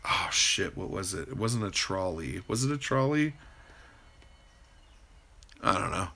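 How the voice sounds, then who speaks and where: A man with a very low, gravelly voice and a bright edge, talking slowly and loosely on a livestream. He rambles from story to story, answers viewers' chat and swears freely. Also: lively intonation, slight background noise. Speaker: livestream host.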